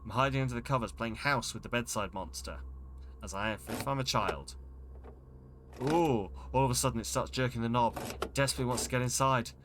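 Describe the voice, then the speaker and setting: A man's voice: mid-range voice, a little fast, noisy background. A man streaming a game, reading its text aloud in a dramatic way and breaking off with startled exclamations. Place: home streaming setup.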